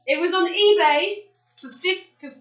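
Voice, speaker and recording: A woman's voice: very high voice, unhurried, fairly bright tone. A woman hosting a casual podcast chat, swearing and laughing often. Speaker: podcast host. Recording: roomy, distant, dull lo-fi recording.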